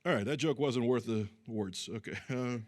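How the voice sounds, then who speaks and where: A Brazilian man does a chatty, self-deprecating stand-up set at normal speed in a medium-pitched voice, acting out the people and quoted voices in his stories. The recording is dry.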